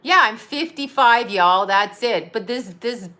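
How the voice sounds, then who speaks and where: Fifty-something lady ranting on a live stream, bright tense voice, blunt and cussing. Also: a little high, lively intonation, a little slow. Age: 50s. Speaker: psychic medium hosting a live stream. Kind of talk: casual live-stream chat reading viewer comments.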